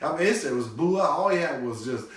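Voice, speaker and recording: A man telling a comic family story, animated and loose, now and then shouting quoted lines in a high voice. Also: fast talker. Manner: animated, shouts his dad's cussing in a high voice. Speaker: comedian. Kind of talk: storytelling stand-up. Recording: echoey room, distant mic.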